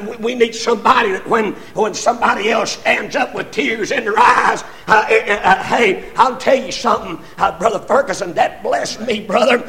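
An older man preaching a sermon, impassioned and often rising to shouts, with stammered repetitions as he builds. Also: high voice, creaky.

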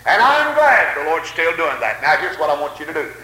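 Older preacher, bright and echoey. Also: male voice, a little high, sing-song, brisk. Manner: folksy storytelling, fervent amens. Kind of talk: revival sermon. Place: church.

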